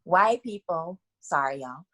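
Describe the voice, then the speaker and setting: A woman with a somewhat low voice tells a personal story as a podcast guest. She speaks candidly in casual slang, acting out the people in her tale. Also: expressive, a little slow, pushed and bright.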